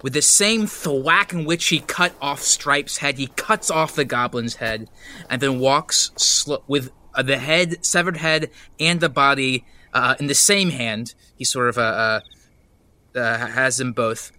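A man's voice: medium pitch, a little slow, pushed and bright. A man playing a tabletop game, describing his character's actions in a rambling, filler-heavy way. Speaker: player.

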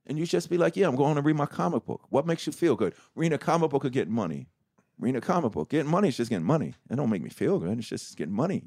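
Animated middle-aged man telling his story. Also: mid-range voice. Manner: animated, profane, acts out quoted dialogue; halting restarts and self-corrections. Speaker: interview guest, rapper. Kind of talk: candid interview storytelling.

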